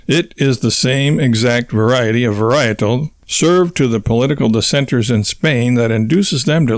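A man's voice: medium pitch, creaky, dry recording. A man voicing a paranoid, eccentric male inventor who speaks in grandiose, conspiratorial tones and puts on a stuffy British air. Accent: stuffy British put-on. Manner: pompous, conspiratorial, over-the-top.

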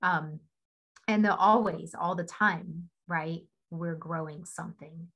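A woman's voice: lowish voice, fairly even intonation, slow pace, fairly bright tone, muffled recording. A woman speaking on a team video call, telling a story in a chatty way and laughing often. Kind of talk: casual motivational talk.

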